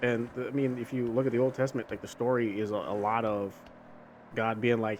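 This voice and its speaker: A man's voice: mid-range voice, a little fast. Rambling young man chatting over faint engine noise. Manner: rambling and conversational, with many restarts and fillers; talks about faith in a relaxed, earnest way. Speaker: gaming video host. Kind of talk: casual chat while playing a driving game. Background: faint car engine and road noise from a game.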